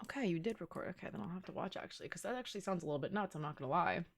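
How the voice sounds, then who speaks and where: In a fairly low voice and at a very fast clip, a young woman streaming games from home talks playfully with viewers. The chat is casual, and she swears without much thought.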